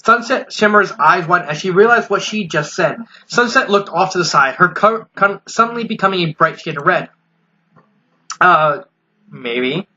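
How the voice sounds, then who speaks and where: A man's voice: sits high, brisk, few pauses, pushed and bright, dull audio. A young man casually reading fan fiction aloud, stumbling now and then and adding wry asides. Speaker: fanfiction reader.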